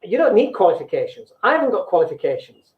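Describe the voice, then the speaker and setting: A man's voice: sits high, big pitch swings, quick pace. Blunt man in echoey lo-fi audio. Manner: blunt, self-mocking, mimics people in sing-song voices. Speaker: business coach and show host. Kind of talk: casual motivational talk to viewers. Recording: echoey room over a phone-like thin line.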